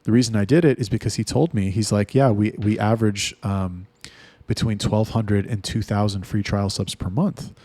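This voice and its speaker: A man's voice: lowish voice, fairly even intonation, normal speed, mellow, dry recording. A man ranting in a casual, blunt and heavily profane monologue. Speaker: talk host.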